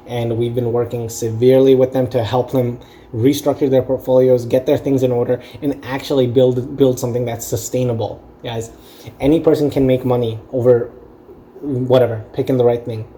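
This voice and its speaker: A man's voice: mid-range voice, dark tone, a little hiss or hum. A young man, a stock-investing vlogger, lecturing his viewers earnestly in a casual rambling monologue and repeating phrases for emphasis.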